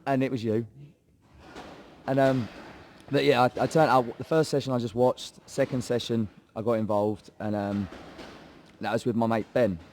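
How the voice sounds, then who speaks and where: A young MMA fighter with a Hertfordshire accent speaks at a moderate pace in a mid-range, fairly even, slightly mellow voice, with a little hiss or hum behind him. Interviewed casually, he tells a sweary, laddish story of how his training began, performing the voices of people he quotes.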